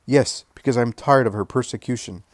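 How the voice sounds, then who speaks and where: A man's voice: mid-range voice, fairly quick, no room sound, studio quality, close to an everyday voice. A man voicing a proud, resentful young man who snaps back angrily. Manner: sharp, angry retorts.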